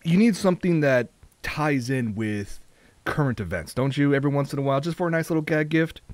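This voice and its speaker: A man co-hosting a podcast, pitching gag gifts in a jokey infomercial style. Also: a little fast, no room sound. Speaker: podcast co-host. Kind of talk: casual chat.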